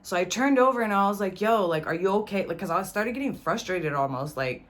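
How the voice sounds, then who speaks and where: A woman's voice: medium pitch, lively intonation, fairly quick. A young woman vlogger telling a personal story in a casual, slangy way, cursing freely and addressing the viewer directly. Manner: slangy, profane, talks straight to the viewer.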